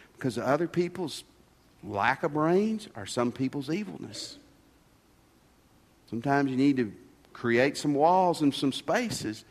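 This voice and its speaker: Folksy preacher in a reverberant hall. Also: male voice, medium pitch. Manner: folksy, conversational preaching with rhetorical questions. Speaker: pastor. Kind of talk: sermon. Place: church sanctuary.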